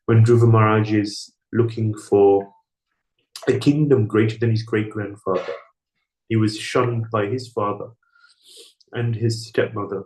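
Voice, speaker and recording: A man's voice: moderate pace, mellow. A man giving a scripture class, telling a story in sermon style and acting out the characters' lines. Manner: storytelling, acting out dialogue with raised pitch. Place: temple hall. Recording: echoey room.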